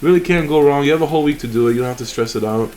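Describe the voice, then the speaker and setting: A man's voice: a little high, racing, darkish tone, faint music behind. A young man hosting a mobile game channel, chatting casually and rambling with fillers and restarts over his gameplay.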